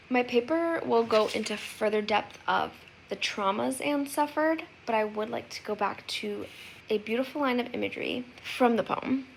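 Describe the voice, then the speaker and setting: A woman's voice: medium pitch, creaky, a bit bright, slight background noise, rough recording. A young woman giving an earnest class oral presentation as a student, reading a poem aloud and reflecting on it. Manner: earnest, reflective, with occasional fillers.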